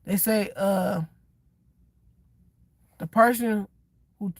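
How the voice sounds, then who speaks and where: A man's voice: sits high, very slow, no room sound, rough recording. A man ranting on a livestream, rambling and blunt, with lots of filler words. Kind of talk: livestream rant.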